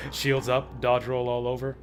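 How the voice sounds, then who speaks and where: A man's voice: medium pitch, little pitch movement, slow pace, music in the background. A young man streaming a game and chatting casually, laughing and using lots of filler words. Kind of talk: casual gameplay commentary.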